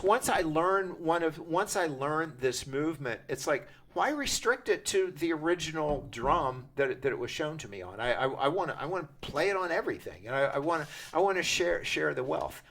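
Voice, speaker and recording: An older man leading a hands-on percussion workshop, talking in a chatty, halting way with many restarts. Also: on the high side, expressive, over loud music. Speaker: percussion teacher. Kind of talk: interactive music workshop.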